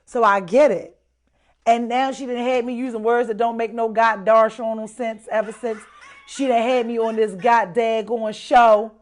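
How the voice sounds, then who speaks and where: Casting note: high-pitched woman, animated guest, laughs and repeats for emphasis. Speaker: show guest. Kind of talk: casual live-stream chat.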